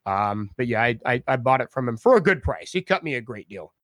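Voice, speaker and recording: A man's voice: mid-range voice, sing-song, a little fast, a bit bright, dry recording. A man being interviewed about his streaming, chatting casually, often laughing and repeating himself. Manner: laughs often, repeats words, puts on voices for viewers' names. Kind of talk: casual chat.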